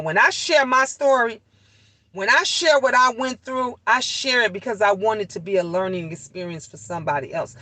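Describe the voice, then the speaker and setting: Animated woman telling a work story, bright voice. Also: mid-range voice, no room sound, rough recording. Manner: animated, cursing, repeats herself for emphasis. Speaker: vlogger. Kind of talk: casual storytime talk to viewers.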